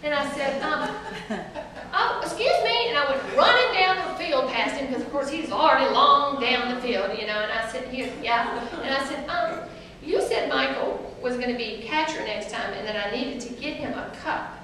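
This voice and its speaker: Speaking to a live crowd she addresses as "y'all," this Southern US author in her forties spins chatty, animated stories full of laughter. She talks at normal speed in a high voice with hardly any pauses, picked up by a distant mic in a noisy, echoey room.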